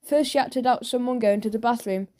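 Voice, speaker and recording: A woman narrating a children's audiobook with lively storytelling. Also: fairly high pitch, brisk.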